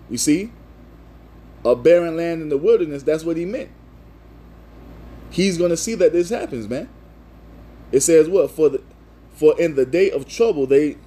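A man's voice: on the high side, dark tone, husky. A man preaching in a video sermon, reading scripture and driving each point home with repeated "man" and "you see.".

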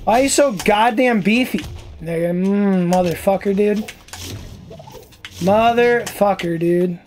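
A man's voice: high voice, a little slow, long pauses, slight background noise. A man giving casual, profane gameplay commentary as a streamer, trash-talking and easily annoyed. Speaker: gaming streamer.

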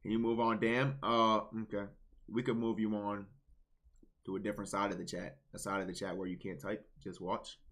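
A man streaming casual reaction commentary, blunt, swinging between low muttering and loud outbursts. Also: flat delivery, moderate pace.

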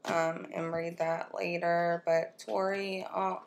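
A woman vlogging at home as she unboxes a makeup swap, gushing and excitable as she talks to her viewers and her friend. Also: fairly low pitch, slow, creaky, noisy background. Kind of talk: casual unboxing chat. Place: at home, with her children nearby.

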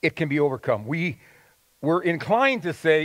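Male pastor, high voice, dry close sound, earnest sermon with folksy stories. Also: big pitch swings, moderate pace, dry recording. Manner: earnest preaching with folksy anecdotes and call-and-response.

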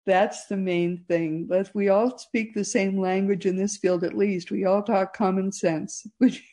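A woman's voice: medium pitch, steady tone, a little slow, dark tone. A woman from Massachusetts with a neutral American accent, hosting a radio talk show with enthusiastic, chatty delivery. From Massachusetts, USA. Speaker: host.

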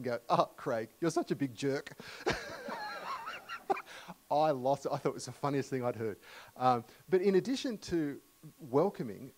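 A middle-aged Australian man preaching a sermon in a church, telling humorous stories warmly with many fillers and restarts. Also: mid-range voice, poor audio. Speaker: guest preacher. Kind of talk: storytelling sermon.

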